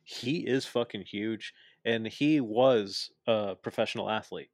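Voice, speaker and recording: Low-voiced man, opinionated casual chat. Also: a little slow, no echo, clean studio sound. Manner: opinionated, explains at length with many fillers. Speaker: podcast co-host.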